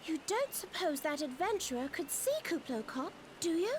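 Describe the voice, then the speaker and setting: A woman's voice: very high-pitched, animated, moderate pace, noisy background. A woman voicing a playful, needling young female adventurer companion in a game. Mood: teasing.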